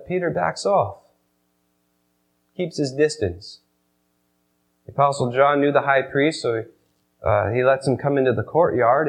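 A man preaching a sermon, retelling a scene dramatically and swinging between loud emphasis and hushed, slow passages. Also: medium pitch, low-quality recording. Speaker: pastor.

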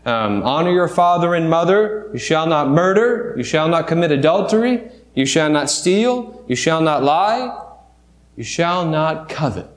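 A man's voice: fairly high pitch, lively intonation, measured pace, roomy sound. A man preaching a sermon in a church, talking through scripture in a conversational way with restarts and rhetorical questions. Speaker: pastor. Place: church sanctuary.

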